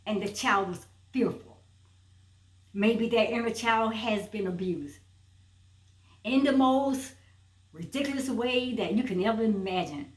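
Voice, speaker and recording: A woman's voice: on the high side, unhurried, long pauses, roomy sound, distant mic. A woman giving a motivational self-help video message, emphatic and repeating her phrases for force.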